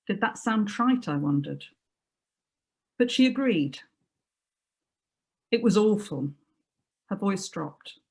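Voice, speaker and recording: Woman reading prose softly aloud. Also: medium pitch. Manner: measured, quiet, reflective delivery. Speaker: writer reading her prose. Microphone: video call.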